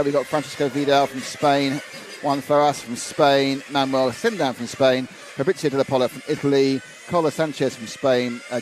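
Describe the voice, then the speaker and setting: Guy rambling thru live rc race commentary, noisy trackside mic. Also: mid-range voice. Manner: chatty, rambling, reads viewer comments. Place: outdoor trackside. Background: engine noise.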